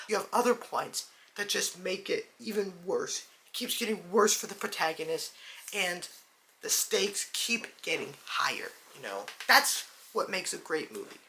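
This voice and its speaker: A woman chatting excitedly in a casual movie review vlog, calling her viewers "dude" and "guys". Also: mid-range voice, a little hiss or hum.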